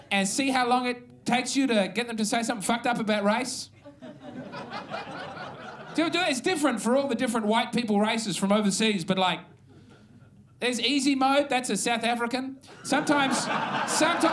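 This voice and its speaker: A man's voice: very high voice, a bit bright. An Australian man performing a stand-up set on a comedy club stage, with a wry, meandering, self-mocking delivery.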